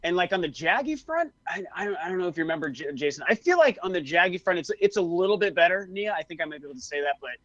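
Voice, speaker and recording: Excited male guest, higher-pitched, restarts his sentences, muffled lo-fi audio. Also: rapid-fire, few pauses, dry recording. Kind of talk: casual chat. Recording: dull lo-fi sound.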